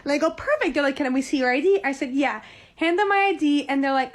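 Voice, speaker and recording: High-voiced woman from Indiana telling a story. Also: expressive, fast talker. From Indiana, USA. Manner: acts out both sides of a conversation in quotes. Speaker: storyteller in a short clip. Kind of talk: casual anecdote.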